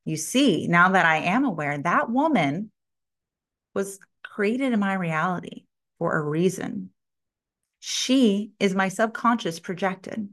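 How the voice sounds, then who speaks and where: A middle-aged woman hosting a podcast, telling a personal story and talking about spiritual growth in an animated way, acting out what people said and laughing often. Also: medium pitch, takes it slowly. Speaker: podcast host.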